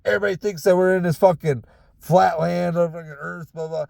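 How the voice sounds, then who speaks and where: A young man with a Southern accent and a tired, sore, raspy voice, hosting a casual solo rant in a truck, profane and heated. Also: sits high, fairly even intonation, a little fast, darkish tone, dry recording. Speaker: podcast host. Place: inside a parked truck.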